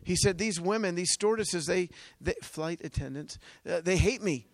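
A man preaching a testimony sermon, telling stories with energy, laughing often and swinging from loud bursts to hushed asides. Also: sits high, normal speed, no room sound. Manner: energetic storytelling with frequent laughs.

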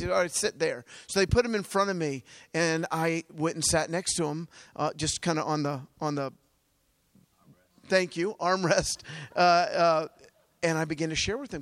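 High-voiced preacher man telling a testimony. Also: gravelly, dry recording. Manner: energetic storytelling with frequent laughs; swings between loud bursts and hushed asides. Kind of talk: testimony sermon.

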